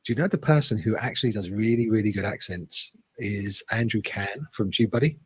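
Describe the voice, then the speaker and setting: A man's voice: on the low side, a little fast, slightly rough, dry recording, rough recording. A British man from England, chatting casually as a guest and explaining slang with easy humor. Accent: British English. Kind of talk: casual chat.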